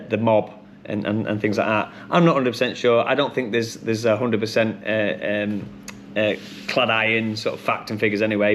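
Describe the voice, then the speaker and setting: A man hosting a pub quiz, chatty and rambling with many ums and restarts, who reads each question and then repeats it slowly. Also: medium pitch, fairly bright tone, a little hiss or hum. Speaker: quiz host.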